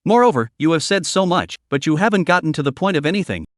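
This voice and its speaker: A man's voice: on the high side, lively intonation, fast talker, no room sound, clean studio sound, lightly acted. A man voicing a blunt, cool-headed young woman who questions others sharply. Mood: cold.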